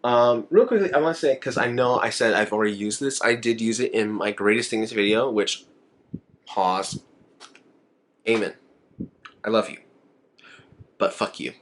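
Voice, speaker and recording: A young man vlogs about makeup, talking straight to his camera at medium pitch and normal speed in an ordinary mid-range voice. He rambles freely, gets emotional and laughs often.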